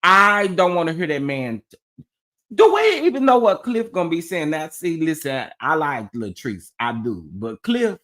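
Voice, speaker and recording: His voice is a little high and his pace normal. Hosting a laid-back gossip chat, the man tells his viewers stories with animation, breaking into laughter and exclamations again and again.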